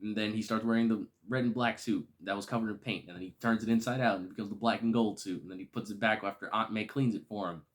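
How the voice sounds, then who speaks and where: A man casually reviewing a film, excitable and gushing, with slangy, enthusiastic speech. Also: on the low side, fast talker, few pauses.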